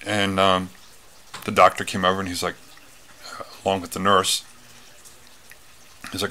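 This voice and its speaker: A man's voice: deep voice, flat delivery, moderate pace, long pauses, pushed and bright. A man telling a personal story in a casual talk, rambling with many fillers and restarts. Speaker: retreat speaker.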